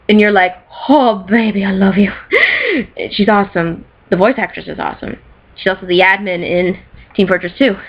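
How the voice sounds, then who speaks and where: Woman vlogger, mid-pitched, excitable and rambling, giggles often, slightly dull lo-fi recording. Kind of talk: casual chat showing off purchases.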